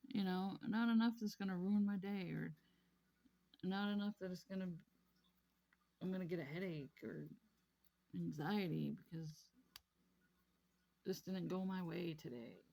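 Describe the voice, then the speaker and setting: A woman's voice: fairly low pitch, unhurried, vocal fry, pauses often, dark tone. A woman vlogging casually about her craft hobby, rambling and repeating herself in an easygoing way. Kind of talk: casual chat while crafting.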